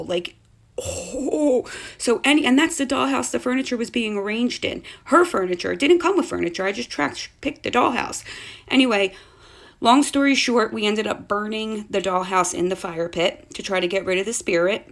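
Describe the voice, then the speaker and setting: Animated woman telling a spooky story. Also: fairly high pitch, normal speed, creaky. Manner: animated, swears when excited. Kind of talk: casual storytelling.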